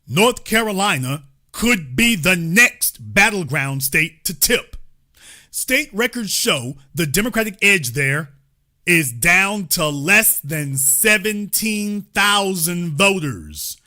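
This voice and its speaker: A man's voice: sits high, lively intonation, slow pace, sharp tone. A man hosting a political commentary show, lecturing his audience emphatically and repeating his key points.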